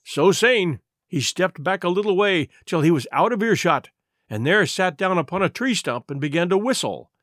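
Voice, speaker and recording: A man reading a classic adventure story aloud in a measured, expressive way. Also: high voice, no room sound, clean studio sound. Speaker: audiobook narrator. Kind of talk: storybook narration.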